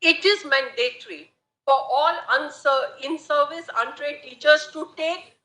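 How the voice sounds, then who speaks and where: A woman advocate with an Indian English accent making a formal, measured argument in court, deferentially addressing the bench. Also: sits high, steady tone, bright, forceful tone. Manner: measured, deferential, repeatedly saying "my lords". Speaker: advocate arguing a case. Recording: echoey courtroom audio.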